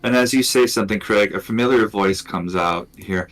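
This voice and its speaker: A man narrating as dungeon master of a tabletop game, relaxed and chatty. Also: on the low side, moderate pace.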